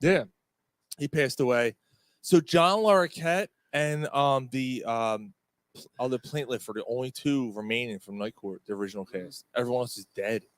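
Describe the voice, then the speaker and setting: A man's voice: mid-range voice, normal speed, no room sound. A man co-hosting a casual, crude sports pub podcast, telling stories with lots of swearing and acted-out screams. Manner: animated storyteller, swears a lot, acts out screams. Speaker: podcast co-host. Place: bar or pub studio.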